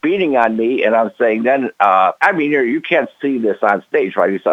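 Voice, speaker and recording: A man's voice: medium pitch, normal speed, few pauses, no echo. Older man rambling over a tinny phone line. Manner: rambling, keeps adding "okay?" and "like I said". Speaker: guest. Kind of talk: casual interview.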